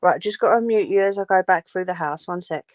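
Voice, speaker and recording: A woman's voice: lowish voice, quick pace. A woman chatting casually with viewers on a craft livestream. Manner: chatty, talks to viewers in the chat.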